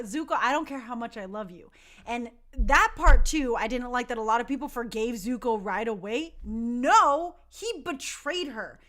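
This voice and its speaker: A woman hosting a talk show in casual chat, animated and emphatic, going from soft asides to loud outbursts. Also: high voice. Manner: chatty, with many fillers.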